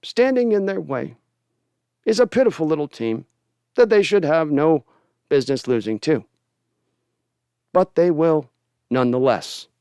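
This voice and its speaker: A man impersonating a solemn, clipped TV anthology narrator, speaking slowly and ominously with a stiff upper lip. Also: fairly high pitch, animated, warm tone, clean tone, dry recording, clean studio sound.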